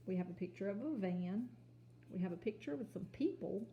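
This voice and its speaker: A woman teaching a kindergarten home lesson on video, sounding out letters and words slowly and patiently. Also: medium pitch, expressive, reverberant, dull audio, a little hiss or hum. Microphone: phone or camera.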